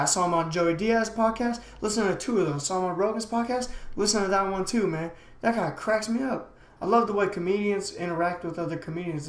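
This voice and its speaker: A young man hosting a casual solo podcast, rambling along in slangy talk full of "man" and "dude". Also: high voice. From United States. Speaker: podcast host. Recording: echoey room.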